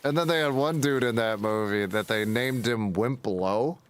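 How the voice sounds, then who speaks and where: A medium-pitched man speaking at a normal speed over soft background music chats casually as a gaming streamer during gameplay. He rambles, swears freely, and laughs at his own stories.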